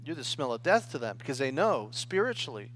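A man's voice: medium pitch, big pitch swings, a little fast, a bit bright, slight background noise. A man preaching a sermon in a conversational style, often checking in with the listeners and restarting his phrases. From United States. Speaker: pastor.

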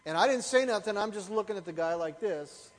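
A middle-aged man preaches to his congregation in a high, light voice. He tells his stories with animation and keeps asking the room rhetorical questions. His words ring out with a long reverb through a church hall. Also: animated, brisk. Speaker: pastor. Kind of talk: sermon.

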